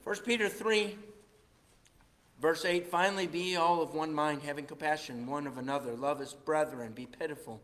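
Animated preacher man in an echoey hall. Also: a little high, moderate pace. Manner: animated preaching, swings between loud and hushed. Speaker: pastor. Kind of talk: sermon. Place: church.

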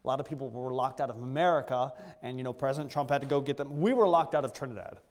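A man's voice: mid-range voice, fast talker. A man preaching a personal testimony as a missionary pastor, in an earnest, conversational way with frequent restarts. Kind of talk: sermon testimony. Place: church sanctuary. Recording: echoey church hall.

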